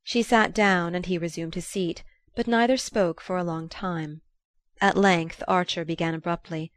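A woman narrating a classic novel aloud in a measured, even storytelling manner. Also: fairly low pitch, dry recording. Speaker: audiobook reader. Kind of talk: scripted narration.

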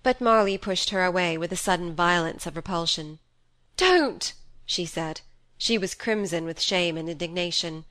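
A woman narrating a classic novel in an audiobook, reading in a measured, even way. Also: fairly low pitch.

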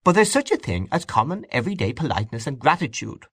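A flustered old aunt, as a male narrator puts her on, her voice pushed high and lively as she exclaims. She sounds fussy and easily indignant. The sound is close and dry. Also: quick pace, slightly rough, no room sound, exaggerated voice.

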